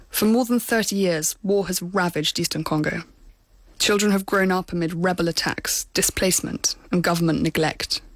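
Measured woman correspondent, dry studio read. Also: lowish voice, no echo. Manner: measured, sober storytelling. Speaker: foreign correspondent. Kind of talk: scripted reportage narration.

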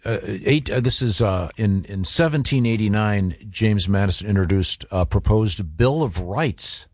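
Radio host guy, husky voice, kinda dry studio sound, rambly with lots of ums. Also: fairly low pitch, unhurried, darkish tone, no room sound. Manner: meandering, hesitant, full of ums and restarts. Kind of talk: casual morning radio banter. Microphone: studio microphone.

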